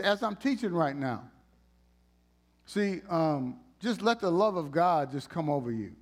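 A man with a high voice preaches in a church. His sermon is animated and conversational, and he teases the congregation as he goes. He swings between loud, emphatic bursts and hushed, gentle passages.

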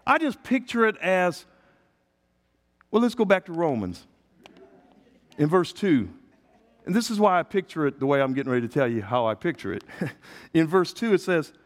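High, lively middle-aged preacher man in a hall. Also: moderate pace. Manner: call-and-response preaching, swings between quiet asides and loud emphatic peaks. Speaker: pastor. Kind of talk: sermon.

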